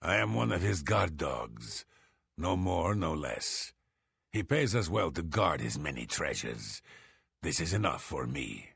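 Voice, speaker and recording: A gravelly, hoarse hired guard. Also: male voice, rumbling low, big pitch swings, a little slow, fairly bright tone, no echo, exaggerated voice. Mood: blunt. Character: gruff male hired guard, blunt and loyal. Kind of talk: video game dialogue.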